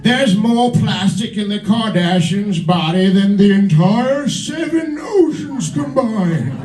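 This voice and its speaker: A man imitating an elderly British nature documentary narrator, slow and reverent, swelling to loud bursts, on a comedy club stage. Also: high-pitched, expressive. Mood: mock grave. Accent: put-on British. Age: older. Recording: roomy club, from a distance.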